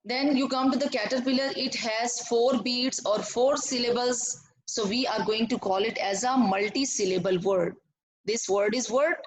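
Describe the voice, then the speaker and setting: A woman teaching an online class to young pupils, slowly repeating words and clapping out syllables. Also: on the high side, poor audio. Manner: slow, repetitive, clapping out syllables.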